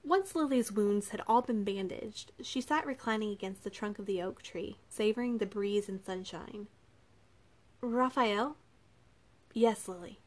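A woman with a mid-range voice narrates an audiobook from a script, telling the story in an even, measured way.

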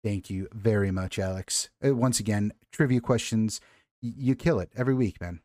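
A man's voice: fairly low pitch, moderate pace, darkish tone, no room sound, clean studio sound. A man from Chicago hosting a podcast, running the segments with wisecracks. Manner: friendly, wisecracking. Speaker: podcast host. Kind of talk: casual sports chat.

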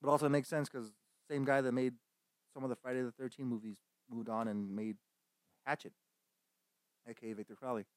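A man's voice: mid-range voice, level tone, a little fast, pauses often, no room sound. Profane rambling male streamer. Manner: profane, rambling, laughs at own jokes; bursts into loud shouted insults. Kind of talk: casual gaming stream chatter.

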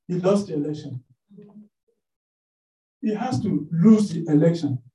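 Warm-voiced man preaching in an echoey room. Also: sits high. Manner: animated storytelling with many fillers. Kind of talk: sermon. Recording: echoey room, mic at a distance.

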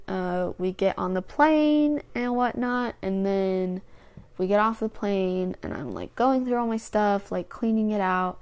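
A woman's voice: mid-range voice, a little mellow. A young woman hosting her own podcast, telling a rambling personal story in a casual, chatty way with lots of restarts. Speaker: podcast host.

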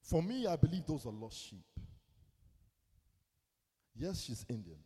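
Young guy pastor preaching, dark mellow voice, drops quiet then gets loud, big echoey hall. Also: a little high, sing-song, unhurried, breathy edge. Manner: storytelling with acted quotes, swinging between hushed asides and loud bursts. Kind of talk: sermon. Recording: long reverb in a hall.

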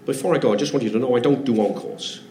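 A man doing an impression of an Irish comedian, telling a story in a profane, deadpan way. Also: medium pitch, very fast, reverberant, slight background noise, close to an everyday voice. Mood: dry.

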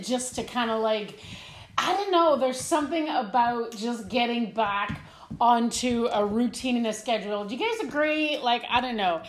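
A middle-aged woman with a high-pitched voice and roomy sound hosts a casual devotional live stream from home. Seated before a camera, she's chatty, laughs, and uses many fillers.

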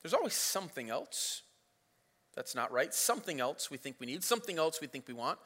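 A man's voice: fairly high pitch, sing-song, fairly quick, fairly bright tone. A man preaching a sermon as pastor, retelling the story in a casual, playful way. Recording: reverberant hall.

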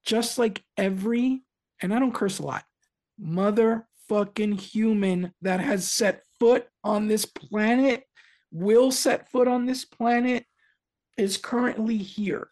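A woman speaking as a podcast guest, an earnest voice actor talking in halting bursts with many restarts. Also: fairly high pitch, darkish tone. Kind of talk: casual podcast chat.

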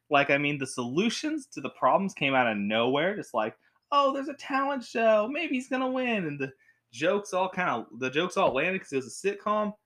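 A young man reviewing a show at home in a rambling, animated way, with frequent restarts. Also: on the high side. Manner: rambling, animated, with many restarts and acted quotes. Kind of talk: casual talk to camera. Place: home with a cat.

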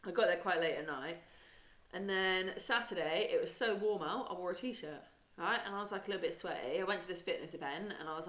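A woman's voice: fairly low pitch, fairly bright tone. A young woman co-hosting a podcast, rambling through stories in a casual chat and calling her co-host mate. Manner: chatty, rambling storyteller, says mate a lot. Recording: echoey room.

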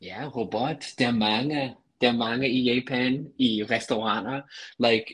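This man speaks with a slightly husky, breathy tone at a middle pitch. As a podcast guest, he explains things patiently in an easygoing way. His delivery stays relaxed and conversational. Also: unhurried. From USA. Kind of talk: casual podcast chat.

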